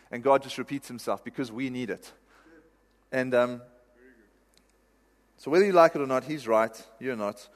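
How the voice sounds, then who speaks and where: A man's voice: medium pitch, normal speed, pauses often. Conversational male pastor preaching. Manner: conversational, self-deprecating, laughs at himself. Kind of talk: sermon. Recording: reverberant hall.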